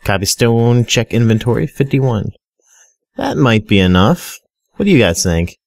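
A man's voice: mid-range voice, lively intonation, unhurried, gravelly, no room sound, clean studio sound. A young man giving casual, rambling Minecraft commentary, often stuttering and talking straight to his viewers. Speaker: gaming video creator.

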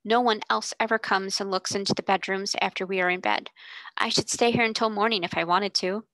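A woman's voice: medium pitch, steady tone, fairly quick, bright, forceful tone, no room sound, low-quality recording. A woman voicing a timid, anxious young schoolgirl in a storybook reading, with a fretful, pleading manner.

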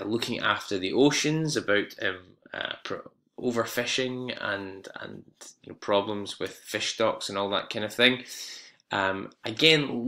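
A man's voice: fairly low pitch, pushed and bright. A man teaching an exam-prep English lesson, explaining step by step with fillers and self-corrections.

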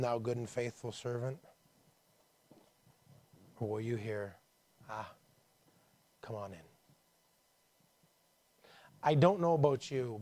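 A pastor delivers a conversational sermon to his church, sinking low and quiet before rising into emphatic calls.

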